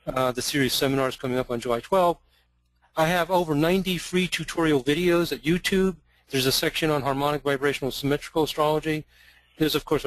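A man's voice: mid-range voice, no room sound, poor audio. An older man from Long Island, New York, giving an earnest, digressive webinar lecture with frequent fillers, recorded close to a computer mic. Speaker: astrology lecturer.

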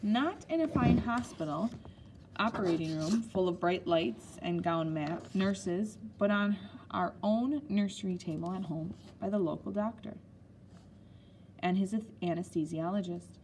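A woman's voice: medium pitch, measured pace, darkish tone, slight background noise. A woman reading a children's memoir aloud at an easy pace, with a few small slips. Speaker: audiobook reader. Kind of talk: storybook narration.

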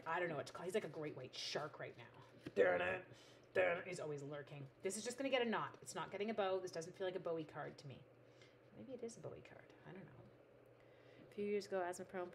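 A woman's voice: lowish voice, slight background noise. A middle-aged woman hosting a craft livestream, chatting casually and talking to her materials as she works. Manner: chatty, reads out viewer comments, talks to her materials. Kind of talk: casual chat while making cards.

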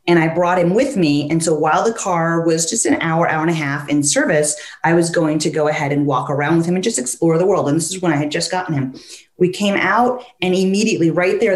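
Woman, dog trainer, animated storyteller, quoted dog voices, roomy echo. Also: low voice, fairly quick. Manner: animated storyteller who acts out the dog's thoughts in quoted voices. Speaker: dog trainer, podcast guest. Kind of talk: conversational interview, explaining with stories.

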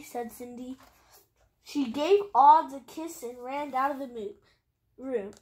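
A woman reading a picture book aloud in a careful, halting way. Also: high voice, darkish tone. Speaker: storybook reader.

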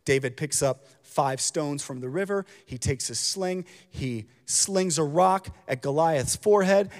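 Youth pastor guy preaching, real lively and high-ish, echoey church hall. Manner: animated storytelling, casual slang. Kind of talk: sermon. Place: church auditorium. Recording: long hall reverb.

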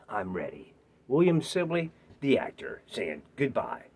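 A man recording his own audition pitch, theatrical and playful, rhyming and joking, swinging from shouts down to whispers. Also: wildly swooping pitch, unhurried, slight background noise. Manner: rhyming, playful, self-mocking. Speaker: actor auditioning. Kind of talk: self-tape audition pitch.

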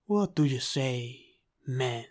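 A man playing a slow, stern pirate captain. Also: medium pitch, lively intonation, darkish tone. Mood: commanding. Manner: slow, measured, authoritative delivery. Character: commanding male pirate captain, stern yet protective. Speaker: ASMR role-play performer. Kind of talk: ASMR role-play.

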